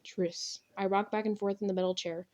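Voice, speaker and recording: A young woman narrating an audiobook in the first person, with an expressive, intense, dramatic delivery. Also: medium pitch, fast.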